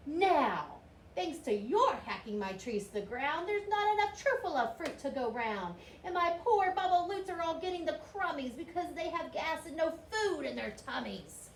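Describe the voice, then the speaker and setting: A woman's voice: sing-song, normal speed, far from the mic. A woman voicing a small, grumpy male forest creature who scolds and coughs, in a storybook reading. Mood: complaining. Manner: scolding, high and loud, coughing. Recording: roomy with faint hiss.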